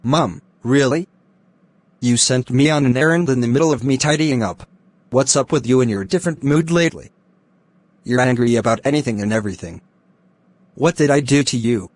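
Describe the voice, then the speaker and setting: A man's voice: mid-range voice, a little mellow, no room sound, close to an everyday voice. A man voicing a fed-up teenage boy who complains to his mother, with faint background noise. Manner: complaining, hurried.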